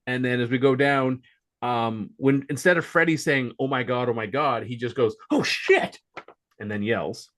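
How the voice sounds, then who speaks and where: A man's voice: mid-range voice, normal speed, fairly bright tone. A man as guest co-host on a movie podcast, casually explaining how scenes changed. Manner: explanatory, comparing lines. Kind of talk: casual chat.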